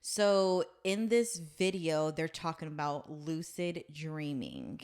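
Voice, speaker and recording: A woman's voice: sits low, sing-song, slow, a little mellow, clear, resonant tone. A woman hosting a casual chat, retelling a story in a loose, rambling way with some swearing. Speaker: podcast host.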